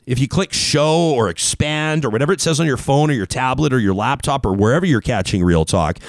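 A man's voice: a little high, no echo, clean studio sound. Chatty, digressive talk show host man. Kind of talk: casual talk show monologue.

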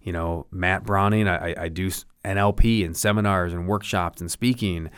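A middle-aged man with a low voice speaks earnestly into a close microphone, a podcast host giving a motivational monologue. His tone is encouraging and a little preachy. The sound is dry, with no room around it. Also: steady tone, moderate pace, clean tone, dry recording.

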